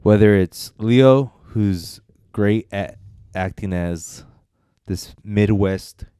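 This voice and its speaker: A man's voice: fairly low pitch, extremely slow, mellow, clean tone, no echo, clean studio sound. A man co-hosting a casual film review chat, rambling and hesitant with many fillers and restarts. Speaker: podcast co-host reviewing films.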